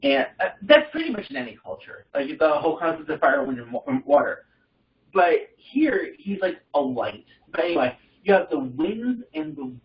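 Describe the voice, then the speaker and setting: A young man leading an informal Bible study, reading passages and commenting in a halting, rambling way with many fillers and restarts. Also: high-pitched, gravelly. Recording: distant mic in a roomy space, dull sound.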